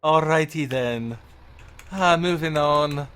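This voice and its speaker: A game streamer's on-the-high-side voice comes across smooth and a bit bright at a slow pace. He gives rambling, casual commentary on a farming game in a livestream, giggling a lot, laughing readily and often forgetting his point.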